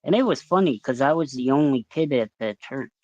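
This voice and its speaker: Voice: mid-range voice, animated, brisk, darkish tone, no echo. Person in their forties, dull lo-fi sound. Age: 40s. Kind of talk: casual group chat.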